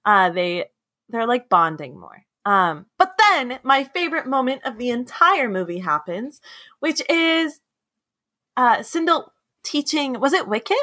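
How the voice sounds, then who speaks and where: Woman, podcast co-host, casual movie chat, animated, laughs often, bright voice, lively pitch. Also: a little slow, dry recording, studio quality.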